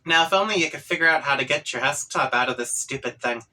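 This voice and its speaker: A man's voice: mid-range voice, fast, bright, forceful tone, low-quality recording. A man reading a webcomic aloud in a casual, wry way with offhand asides. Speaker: webcomic reader.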